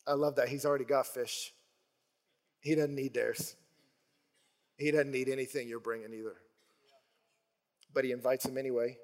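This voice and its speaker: A man's voice: mid-range voice, normal speed, pauses often, in a large hall. A male pastor preaching a sermon, retelling scenes and acting out the voices in them. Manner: animated storytelling, acts out voices in quotes.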